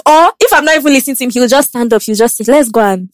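A young woman, telling a personal story in casual chat, animated and laughing often. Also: high-pitched, racing, no echo. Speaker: guest.

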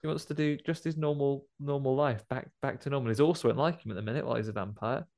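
A man's voice: mid-range voice, fast talker, gravelly, darkish tone. A man chatting casually about a film, jokily acting out the characters' lines. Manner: jokey, playfully acts out film characters' lines.

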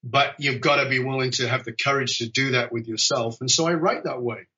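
A man telling stories as a podcast guest over a video call, animated and jokey. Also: mid-range voice, brisk, muffled recording. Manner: animated, jokey, acts out quoted dialogue. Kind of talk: conversational storytelling.

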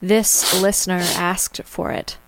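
A woman's voice: on the low side, level tone, takes it slowly, dry recording. A woman co-hosting a casual podcast, answering in a wry, laid-back way. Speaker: podcast co-host.

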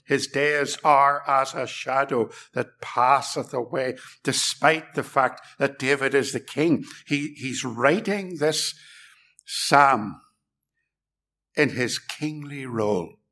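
A man preaching a sermon in a measured, emphatic way, sometimes dropping to a near-whisper for stress. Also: medium pitch, pushed and bright.

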